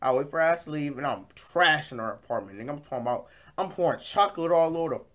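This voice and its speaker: A man hosting a reaction video, giving loud, incredulous, slang-heavy commentary and repeating "bro". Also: fairly high pitch, expressive, fast talker. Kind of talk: profane comic reaction commentary.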